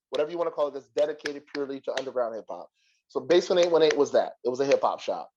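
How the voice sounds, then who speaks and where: A man's voice: fairly high pitch, dull audio. A man telling a heated story in casual podcast chat, cursing freely and acting out what he said back then. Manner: profane, heated retelling with quoted dialogue.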